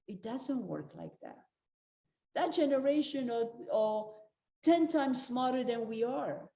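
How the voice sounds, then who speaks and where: Older woman with a warm, roomy voice. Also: high-pitched, big pitch swings, measured pace, creaky. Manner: earnest, repeats key advice, speaks directly to listeners. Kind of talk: motivational talk. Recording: roomy echo.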